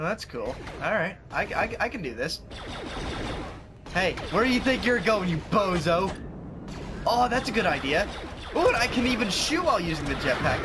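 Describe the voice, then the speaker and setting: A young man narrates his gameplay in a playful, goofy way, talking trash at enemies in a slightly high voice. A clear hiss of noise sits behind his voice. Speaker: gaming youtuber. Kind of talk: joking gameplay commentary.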